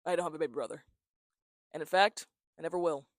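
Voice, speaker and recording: A congested young man of nineteen jokes and mocks himself in a loose, chatty vlog, his voice sitting high. He holds a tiny mic close, so the sound is dry and very near, with no room around it. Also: fast talker, no echo. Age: young adult. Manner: joking, self-mocking, animated. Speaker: vlogger. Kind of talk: casual talking-head chat. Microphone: small handheld mic, close.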